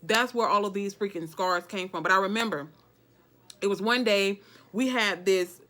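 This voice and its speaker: A woman's voice: mid-range voice, moderate pace, fairly bright tone. A woman from Alabama with a Southern accent, talking casually and emphatically to her viewers. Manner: chatty, emphatic, keeps saying okay, dialect grammar. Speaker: vlogger. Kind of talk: casual motivational talk to camera.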